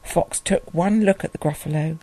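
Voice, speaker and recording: A woman reading a rhyming picture book aloud in a sing-song, expressive way. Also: deep voice, moderate pace, slightly rough, dry recording. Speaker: storyteller.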